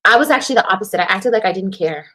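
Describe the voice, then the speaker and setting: A woman telling her side of a breakup on a livestream in an animated, profane way, repeating lines for emphasis. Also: medium pitch, very fast. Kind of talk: casual livestream storytelling.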